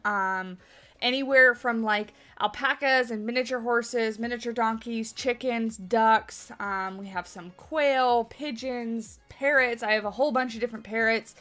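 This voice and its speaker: Speaking with a sharp tone on the high side, a woman runs a casual game livestream as she builds. She talks with her viewers, responds to their questions, and laughs frequently.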